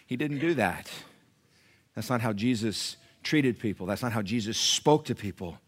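A man preaching a sermon in a church, lively, calling out to the congregation and acting out little voices. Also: mid-range voice, brisk. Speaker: pastor.

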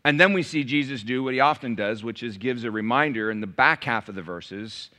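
Bright-voiced preaching man. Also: mid-range voice, a little fast. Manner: swings from hushed scripture reading and prayer to loud emphatic preaching; asks the audience questions and jokes with them. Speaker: pastor. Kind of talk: sermon.

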